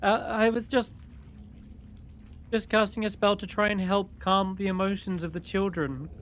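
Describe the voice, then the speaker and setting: A man's voice: high voice, steady tone, normal speed, fairly bright tone, slight background noise, voice pushed up. A man voicing a flustered young female spellcaster who nervously explains herself. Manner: nervous, apologetic, over-explaining.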